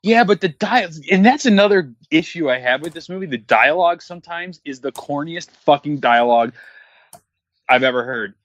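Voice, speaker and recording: A man's voice: on the high side, lively intonation, normal speed, dry recording. A man co-hosting a casual movie-watching commentary show, talking bluntly and profanely with a lot of fillers. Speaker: podcast co-host. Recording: dull, muffled recording.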